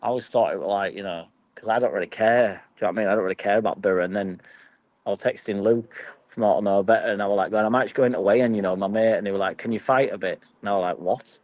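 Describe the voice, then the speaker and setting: A man's voice: on the low side, steady tone, very fast, a little mellow, dry recording, low-quality recording. A young man with a Yorkshire accent chatting casually and swearing freely as he reads and answers his live stream chat. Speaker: football fan vlogger.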